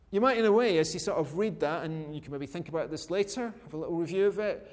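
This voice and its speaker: A man's voice: on the high side, a little mellow. A man preaching a chatty sermon, with joking asides and rhetorical questions. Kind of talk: conversational sermon. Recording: long hall reverb.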